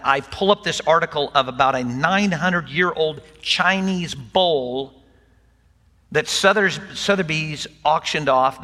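An older man delivers a sermon in an easygoing, conversational manner, slipping in humor between points. His voice is a bit high and very bright. It rings out with a long echo across a church sanctuary. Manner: folksy, conversational preaching with humor. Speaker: pastor. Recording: long hall reverb.

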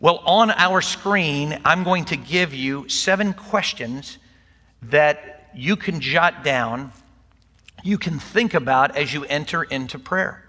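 Older preacher in a reverberant sanctuary. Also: male voice, fairly high pitch, takes it slowly, sharp tone. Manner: folksy, conversational preaching with humor. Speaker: pastor. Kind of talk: sermon. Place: church sanctuary. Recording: long hall reverb.

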